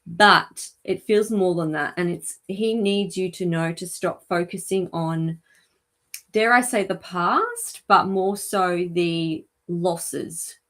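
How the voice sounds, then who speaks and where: Woman, lowish voice, warm chatty live-stream host, lots of ums. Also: takes it slowly. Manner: gentle, chatty, with frequent ums and asides. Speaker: animal communicator hosting a live show. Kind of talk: live-stream reading for viewers.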